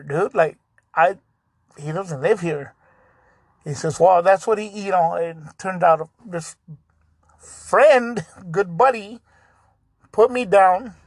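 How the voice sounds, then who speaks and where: A man with a notably high voice hosts his own podcast and tells a story in a relaxed, chatty way. His speech is loose, full of "dude" and "like", with laughs breaking in often. The sound is dry and close, with no room echo. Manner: laid-back, peppered with "dude" and "like", laughs often. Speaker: podcast host. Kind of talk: casual storytelling.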